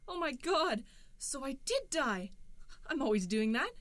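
A woman's voice: high voice, sing-song, unhurried, no room sound. A woman playing a dim, dramatic wife in a comedy sketch, with a whiny, theatrical manner. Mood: ditzy.

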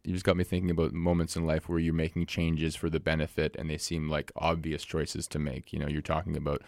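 A man's voice: a bass voice, completely flat delivery, a little fast, vocal fry, no echo. A man co-hosting a podcast, chatting casually with dry, teasing humor. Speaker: podcast co-host. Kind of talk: casual conversation.

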